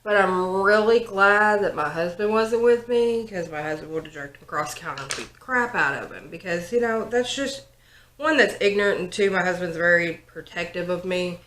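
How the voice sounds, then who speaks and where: A young woman chats through a makeup routine, telling a story with plenty of likes and ums. Her voice is bright and pitched a little low for a woman. The sound carries the echo of a bare room. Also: normal speed, slight background noise. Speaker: vlogger, 911 operator. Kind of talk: casual get-ready-with-me chat. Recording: roomy home recording.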